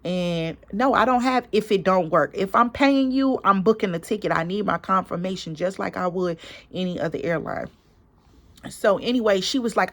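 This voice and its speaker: A woman vlogger and small business owner, a parent, retelling a story in a casual, emphatic, animated way with quoted dialogue. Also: medium pitch, moderate pace. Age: adult parent.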